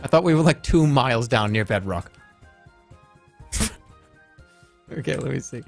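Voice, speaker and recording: A man's voice: medium pitch, creaky, soft background music. A man in his thirties, a streamer chatting casually and joking while playing a game, reading messages aloud as he goes. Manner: joking, reacting fast, reading chat aloud.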